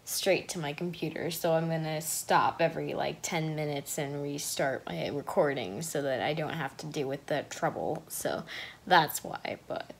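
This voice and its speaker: A tired woman casually chatting to camera before a reaction video, soft and apologetic. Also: moderate pace, husky. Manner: soft, apologetic and low-key.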